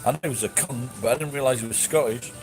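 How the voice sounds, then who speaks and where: A man's voice: medium pitch, quick pace, rough recording. A man chatting casually with his audience, blunt and sweary, rambling through restarts. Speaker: streamer answering chat. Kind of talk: casual chat. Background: music.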